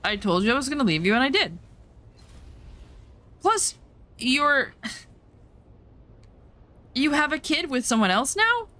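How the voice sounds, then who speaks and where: A woman's voice: sits high, big pitch swings, unhurried, pauses often, sharp tone. A woman streamer chatting casually over gameplay, telling personal stories bluntly and emphatically, swearing now and then.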